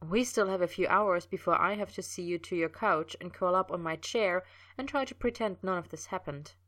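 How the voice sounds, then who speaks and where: A woman voicing an earnest, cheeky young man in a fan story reading, pitched up with a breathy pleading edge. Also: moderate pace, fairly bright tone, no room sound, recorded from a distance, natural voice.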